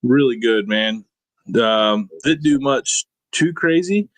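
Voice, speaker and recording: A man's voice: mid-range voice, lively intonation, slow, no room sound. Chill guy cohosting a food show, jokey, dry close sound. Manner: laid-back, joking, lots of shout-outs. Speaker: co-host. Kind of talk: casual chat.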